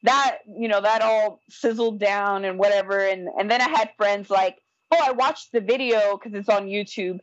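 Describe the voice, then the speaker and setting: A young woman talking fast and lively, slipping into the voices of the people in her story. The sound is dry and a little dull. She sticks "like" in everywhere as she goes. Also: medium pitch, dry recording. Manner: animated, acts out quoted voices, frequent "like". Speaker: guest telling her birth story. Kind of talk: casual storytelling.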